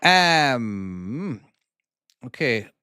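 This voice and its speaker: A man's voice: medium pitch, very animated, drawn-out words, sharp tone, smooth, no echo. Chatty Cork Irish man, dry sound. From Ireland (Cork). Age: 40s. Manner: rambling, repeats and restarts words, chatty and self-deprecating. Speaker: indie game developer and streamer. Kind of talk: casual livestream chat while playing and reading comments.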